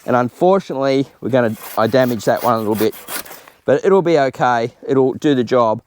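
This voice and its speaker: A man's voice: mid-range voice, animated, fairly quick, slight background noise. An Australian man chatting informally while working in his garden, explaining as he goes in a casual gardening tutorial. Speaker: home gardener host. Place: outdoor home garden.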